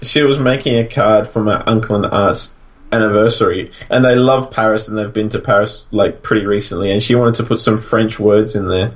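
A man's voice: lowish voice, fairly even intonation, fairly quick. A man co-hosting a podcast in casual chat, rambling and restarting his sentences. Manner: rambling, restarts often, laughs at own stories. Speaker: podcast co-host.

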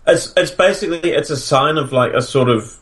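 A man's voice: on the high side, a little fast, a bit bright. Casual rambling man on a podcast. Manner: rambling, restarts often, laughs at own stories. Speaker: podcast co-host. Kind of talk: casual chat.

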